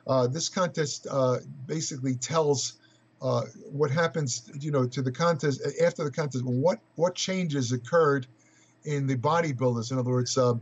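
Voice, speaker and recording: An older man who writes about fitness is a guest in a casual interview, rambling through stories with many hesitant restarts and chuckles. He has a mid-range, slightly breathy voice at a moderate pace, and the audio is muffled and lo-fi.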